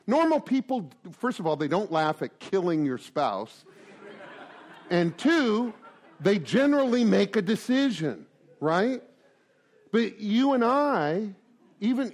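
A man around sixty giving a joking, animated talk to a recovery group, full of rhetorical asides. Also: sits high. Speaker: recovery meeting speaker.

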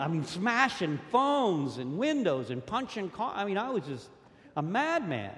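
A man's voice: sits high, big pitch swings, measured pace, fairly bright tone. A man sharing a personal story at a recovery meeting, rambling, repeating words and acting out what others said. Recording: long hall reverb.

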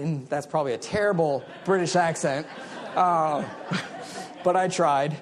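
A man's voice: a little high, unhurried. A middle-aged man telling a personal story in a candid, conversational way, with many fillers. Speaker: speaker sharing recovery story.

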